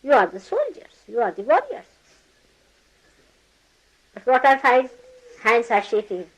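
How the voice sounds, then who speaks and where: A woman's voice: a little high, huge pitch swings, measured pace, poor audio. Older woman giving a teasing spiritual talk. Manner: teasing, scolding, laughs often, acts out quoted people. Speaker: spiritual teacher. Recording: archival talk recording.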